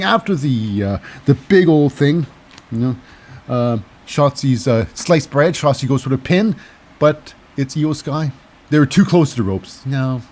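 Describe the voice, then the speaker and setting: A man at a middle pitch talks through a wrestling recap in loose, casual commentary. He wanders off track, hunts for words with lots of "uh" and "you know", and adds cynical asides. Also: a little mellow. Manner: rambling, digressive, cynical, lots of fillers. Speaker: host.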